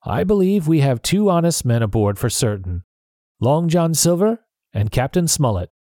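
A man doing a calm, sensible doctor. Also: on the high side, normal speed, no echo, clean studio sound, voice pushed up. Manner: steady and reasonable. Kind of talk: storybook reading.

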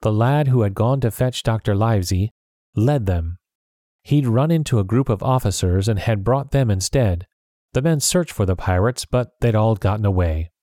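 A man reading a storybook chapter aloud at a steady pace, his voice low and mellow. He keeps an even, plain delivery. The sound is dry and close to the microphone. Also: normal speed, dry recording. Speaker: audiobook narrator. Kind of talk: storybook narration.

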